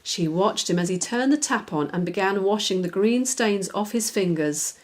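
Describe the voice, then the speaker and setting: Expressive woman reading a children's story aloud. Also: mid-range voice, normal speed. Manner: gentle, expressive read-aloud narration. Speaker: children's book author reading her own story. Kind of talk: storybook narration.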